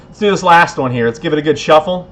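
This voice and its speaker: A man's voice: a little high, quick pace, a bit bright, a little hiss or hum. A man hosting a casual livestream giveaway, laid-back, a bit tipsy and laughing often. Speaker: livestream host.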